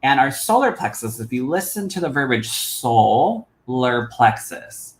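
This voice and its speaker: This man streams live as a psychic medium, doing card readings for viewers in an unhurried, mid-range voice and lovingly calling each "my love" with animated warmth. It's a rough recording in an echoey room.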